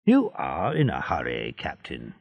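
A man voicing a sly, jealous seaman in a storybook reading, often muttering low. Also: wildly swooping pitch, a little slow, gravelly, slightly rough, muffled recording, full character voice. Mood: scheming. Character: scheming jealous male seaman.

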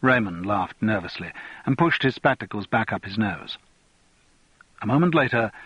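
A man narrating an audiobook in a measured, even storytelling manner. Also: lowish voice, slightly rough, dry recording, dull audio.

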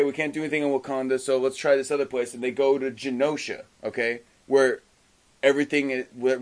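Excitable man gushing about comics. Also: on the high side. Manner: enthusiastic, animated, stumbles and restarts often. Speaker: podcast co-host. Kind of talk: casual comic book discussion.

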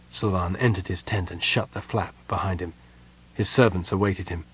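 A man narrating a fantasy audiobook in a steady, even storytelling voice. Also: low voice, moderate pace, a little hiss or hum. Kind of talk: scripted narration.

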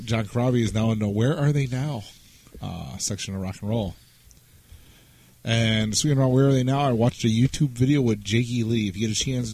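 A man with a fairly low voice hosts a casual internet radio show. He rambles from topic to topic, laughs often, and teases his co-host. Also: darkish tone.

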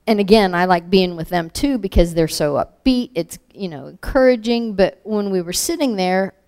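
A woman's voice: mid-range voice, a little mellow. A woman giving an informal sermon, telling stories in a reflective, conversational way.

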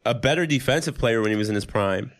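A man's voice: medium pitch, animated, quick pace. A man co-hosting a casual podcast chat, giving blunt, slangy opinions. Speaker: podcast co-host.

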